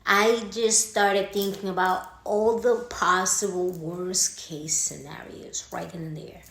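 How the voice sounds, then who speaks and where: A woman whose first language is Spanish tells a story casually in a medium-pitched, slow, creaky voice. She's animated, swears, and acts out the voices of the people she quotes, all recorded in an echoey room.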